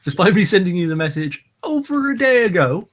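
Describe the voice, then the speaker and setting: A man's voice: high voice, big pitch swings, fairly quick. Podcast guy with a bouncy up and down voice, dry teasing. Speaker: podcast co-host. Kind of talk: casual chat.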